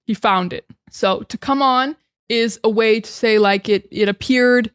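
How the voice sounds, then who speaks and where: A woman's voice: a little high, measured pace, clear, resonant tone, no echo, studio quality. A young American woman teaching English in a casual podcast style, chatty and full of fillers and restarts.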